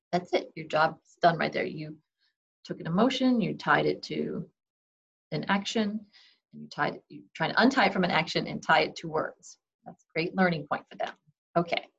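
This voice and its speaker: A woman's voice: low voice, lively intonation, brisk, creaky, breathy edge. Woman, parenting advice talk, conversational, muffled lo-fi sound. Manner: conversational, frequent "okay", acts out parent and kid lines. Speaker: parenting advisor. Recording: dull lo-fi recording.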